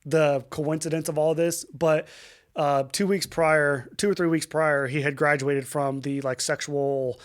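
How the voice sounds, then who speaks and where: A young adult man, a podcast guest, telling a painful personal story in a halting, emotional way with many fillers, restarts and swearing. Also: on the high side, little pitch movement, clear, resonant tone.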